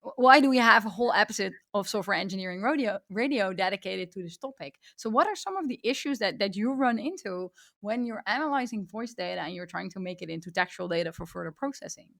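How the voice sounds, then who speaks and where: Woman with a creaky voice. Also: medium pitch, expressive, fast, few pauses, a bit bright. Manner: curious, asks layered questions with self-corrections. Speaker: podcast host, interviewer. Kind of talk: casual interview talk.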